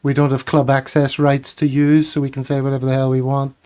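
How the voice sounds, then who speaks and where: Smooth-voiced man hosting. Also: medium pitch, level tone, a little fast, mellow. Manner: jokey and chatty, laughs at his own jokes. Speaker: podcast host. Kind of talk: casual chat.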